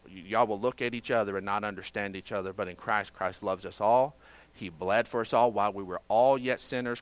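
A male pastor preaching a sermon conversationally, moving from hushed, quiet stretches to fervent, raised passages, with dry sarcastic asides. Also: mid-range voice, dry recording.

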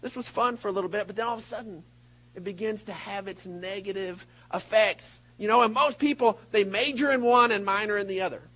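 A high-voiced man preaching to a congregation, animated and full of sudden leaps between loud, shouted moments and hushed, wry asides. His voice sits well above the usual male range, and he keeps the room with a storyteller's rhythm. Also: fairly quick, rough recording. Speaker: pastor. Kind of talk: sermon. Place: church hall before a congregation.

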